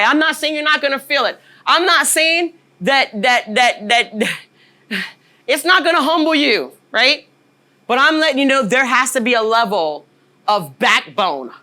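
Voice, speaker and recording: A woman's voice: high voice, pushed and bright. A woman in her forties giving a motivational workshop talk as a leadership trainer, emphatic and often checking in with "right?". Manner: emphatic, keeps asking "right?" to the audience.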